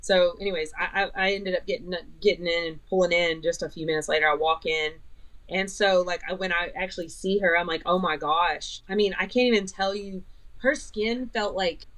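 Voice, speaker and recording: A woman's voice: medium pitch, fairly bright tone, rough recording. Middle-aged woman, vlogger, chatty rambling storyteller who keeps quoting others. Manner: rambling, retells dialogue, many fillers. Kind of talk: personal storytelling.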